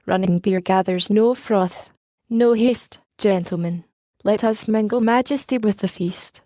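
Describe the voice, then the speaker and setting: A pompous young male student holds forth to his friends in a measured, sermonizing tone, as a woman reads him aloud. The voice is mellow and sits in a middle register. The recording is dry and close. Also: mid-range voice, no room sound, lightly acted. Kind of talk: audiobook reading.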